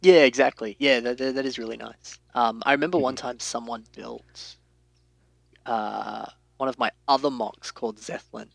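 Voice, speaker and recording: Excitable podcast host, dry sound. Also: male voice, medium pitch, normal speed, gravelly, hardly any pauses, dry recording. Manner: excitable, acts out quoted reactions. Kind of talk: casual podcast chat.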